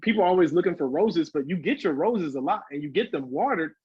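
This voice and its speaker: A man who is a hip hop artist, talking as a podcast guest in a loose, animated way, swearing freely and acting out quoted voices. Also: on the high side, quick pace, slightly rough, no echo, muffled recording. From Southern California. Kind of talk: casual podcast interview.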